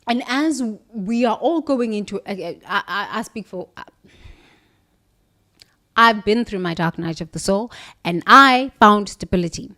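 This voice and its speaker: A woman with a British accent giving an emphatic spiritual motivational monologue, preachy, with sudden jumps in pitch and volume. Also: animated, unhurried, sharp tone. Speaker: motivational speaker.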